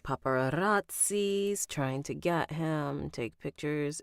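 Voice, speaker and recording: A woman rehearsing an audiobook recording, reading and coaching herself in a relaxed, casual way. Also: deep voice, takes it slowly, clean tone, dry recording, clean studio sound. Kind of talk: casual read-through with asides.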